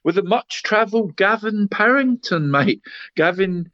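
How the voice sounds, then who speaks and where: A man's voice: high-pitched, lively intonation, a little slow, no room sound. A man running through local football results in casual radio chat, adding "mate" to nearly every phrase. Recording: slightly muffled, dry studio sound.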